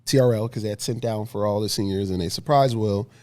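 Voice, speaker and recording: A man in his thirties from Philadelphia, a podcast guest telling a story in a lively, laughing way. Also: lowish voice, fast. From Philadelphia, USA. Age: 30s. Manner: lively, laughing storyteller who acts out scenes. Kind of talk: casual storytelling interview.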